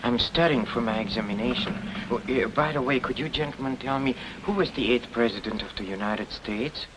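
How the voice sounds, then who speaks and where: An actor playing a polite, innocent-seeming foreign gardener in a 1940s film. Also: male voice, medium pitch, fairly quick, noisy background, natural voice. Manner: mild, polite.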